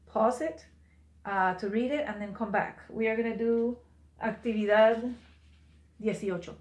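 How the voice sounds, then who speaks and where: A woman's voice: on the high side, unhurried, roomy sound. A woman teaching a recorded language class, patient, repeating and translating each phrase for her students. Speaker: Spanish teacher.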